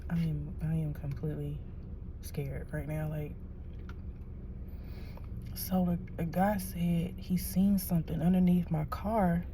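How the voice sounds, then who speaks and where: A woman tells a rambling story to her viewers, swinging from a hushed whisper to loud, excited disbelief. Her voice sits fairly low for a woman. Faint background noise runs under her talk inside a car. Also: takes it slowly, long pauses. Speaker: vlogger. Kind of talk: casual storytelling to camera. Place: in a car at a shop, then parked.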